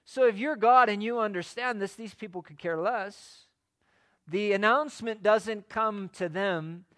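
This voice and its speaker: A man's voice: high voice, unhurried, fairly bright tone. A man preaching a sermon in a conversational way, asking his listeners rhetorical questions. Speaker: pastor.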